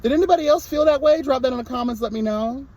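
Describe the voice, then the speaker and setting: A man's voice: very high voice, fast talker, darkish tone. A young man reviewing a reality show in a casual vlog, sassy and blunt, breaking into mocking impressions.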